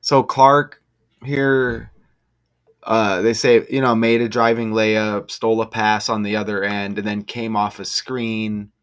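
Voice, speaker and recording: A man musing slowly over basketball schedules and number matches, breaking into excited exclamations. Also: fairly low pitch, clean tone. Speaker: gematria sports commentator. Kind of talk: casual solo commentary over on-screen schedule. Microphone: desk mic.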